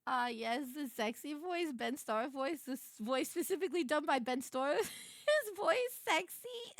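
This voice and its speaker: Giggly woman streamer, high lively voice, gushing casual chat, dry close mic. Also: moderate pace, no echo.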